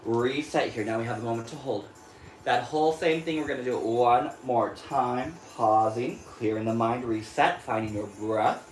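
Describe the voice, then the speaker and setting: A man's voice: mid-range voice, moderate pace. An American man guides a yoga flow, cueing each inhale and exhale as he moves and running a bit short of breath. His voice bounces around a roomy studio, with a faint hum underneath. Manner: calm cueing of breath and poses, breathy while moving through the flow. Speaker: yoga instructor. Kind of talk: guided yoga class cues.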